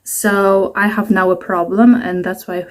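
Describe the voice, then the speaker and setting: A woman's voice: medium pitch, flat delivery, measured pace, slight background noise. A woman in her twenties chatting to camera in a rambling, self-mocking way, at home at night. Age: 20s. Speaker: vlogger. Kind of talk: casual talking-to-camera vlog.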